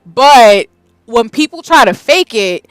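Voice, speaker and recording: Lively Southern woman streamer, dry sound. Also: fairly high pitch, slow pace, clear, resonant tone, no room sound, low-quality recording. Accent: Southern US, light. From Southern United States, Tennessee. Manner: animated, laughs often, lots of "like" fillers. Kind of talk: casual chat with stream viewers.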